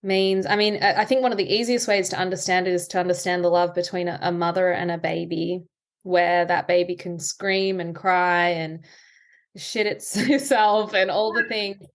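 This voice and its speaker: A woman anxiety coach, a podcast guest, explaining ideas in a calm, reflective way. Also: on the low side, normal speed. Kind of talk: conversational interview.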